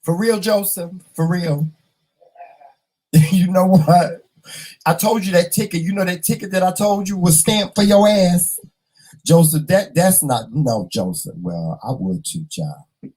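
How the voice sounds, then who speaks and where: A man's voice: high-pitched, a little slow, husky, poor audio. A man chatting casually with viewers, reading their comments and dramatically acting out little scenes. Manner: animated, dramatic, talks to viewers and acts out scenes. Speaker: vlog host.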